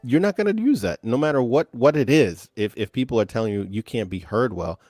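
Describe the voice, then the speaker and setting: A man's voice: mid-range voice, animated, a little fast, a little mellow, no room sound, soft background music. A man co-hosting a casual review chat, joking and repeating words as he gets going. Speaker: co-host.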